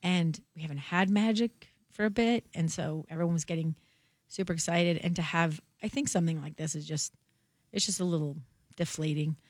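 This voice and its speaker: Hoarse woman in casual chat. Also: lowish voice, a little mellow, no room sound. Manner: halting, restarts often. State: hoarse from a cold. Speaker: guest sports writer.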